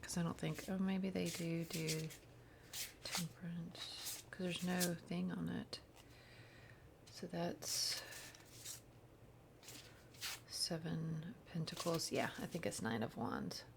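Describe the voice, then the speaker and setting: Low, gravelly woman giving a reading. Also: slow pace, pauses often, noisy background. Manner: rambling, soft-spoken, drifts into whispered chanting. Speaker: spiritual reader. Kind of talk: casual channeled tarot reading.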